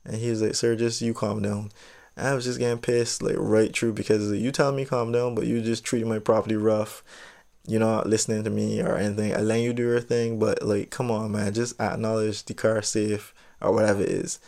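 A man's voice: fairly low pitch, little pitch movement, brisk, gravelly, darkish tone. A young man casually telling a personal story, rambling and drifting into side tangents. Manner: rambling, digressive, laid-back.

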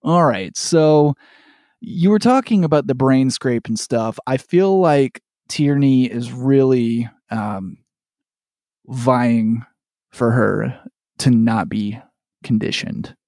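A man's voice: medium pitch, slow, darkish tone, no echo, clean studio sound. A man co-hosting a casual chat podcast, recapping a TV episode in a rambling way with restarts and laughter. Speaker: podcast co-host.

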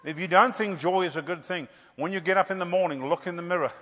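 A man preaching a revival sermon, animated and joking, repeating phrases for emphasis. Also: high-pitched, fast talker, in a large hall.

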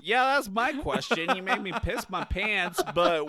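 A man with a notably high voice needles his co-host with sarcasm in casual podcast chat. The sound is close and dry. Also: lively intonation, unhurried, bright, forceful tone, no echo. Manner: sarcastic, teasing.

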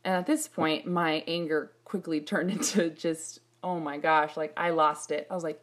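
A middle-aged woman preaching a sermon, telling personal stories in an animated way and acting out her own prayers. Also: low-pitched, normal speed, hardly any pauses.

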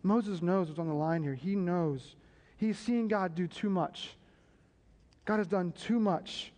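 A man preaching a sermon, building emphasis and tossing quick asides to the congregation. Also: high voice, darkish tone. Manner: preaching with rising emphasis and repeated call-and-response asides. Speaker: pastor. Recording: long hall reverb.

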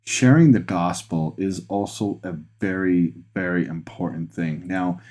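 A man who is both a pastor and a podcast host preaches a sermon earnestly, restarting phrases and getting excited as he presses a point. His voice sits low and moves a little slowly.

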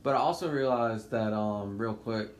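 Goofy, animated man podcast co-host. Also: lowish voice, moderate pace, a little hiss or hum. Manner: goofy, animated, playful voices. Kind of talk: casual chat.

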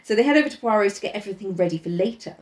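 Lively laughing woman retelling a story. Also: medium pitch, very fast. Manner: laughs often, puts on voices while retelling. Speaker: podcast host retelling a novel. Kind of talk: casual chat.

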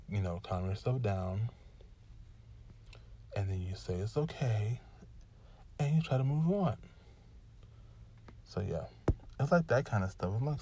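Against some background noise, a man with a fairly low voice hosts a solo freestyle podcast. He vents his exasperation in meandering run-on sentences, rushing some and letting others stretch.

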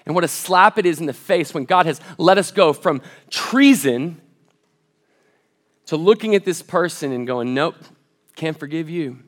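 A man with a slightly higher voice preaches a church sermon. He reads quotations and scripture aloud and swells into loud, fervent stretches. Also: lively intonation, normal speed. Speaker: college pastor.

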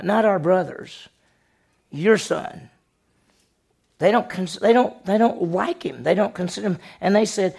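A man pastor preaching a sermon, questioning the congregation and acting out the story with lively voices. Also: sits high, a little slow, gravelly, breathy edge.

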